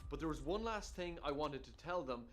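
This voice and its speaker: A man's voice: fairly high pitch, animated, brisk. A man reading a scripted voice-over narration with dramatic storytelling. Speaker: video narrator.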